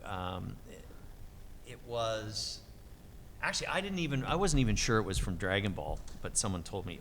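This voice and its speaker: A middle-aged man, a voice actor telling stories at a convention interview, animated and acting out quotes with lively swings in pitch. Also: moderate pace, big-room sound, slight background noise. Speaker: voice actor guest.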